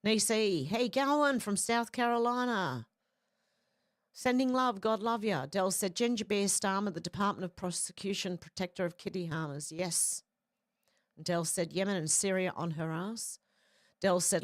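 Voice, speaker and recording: A woman's voice: fairly low pitch, no echo, studio quality. A woman hosting a livestream, reading viewer comments aloud and adding short, casual reactions of her own. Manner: reads comments, then adds brief casual reactions. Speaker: livestream host.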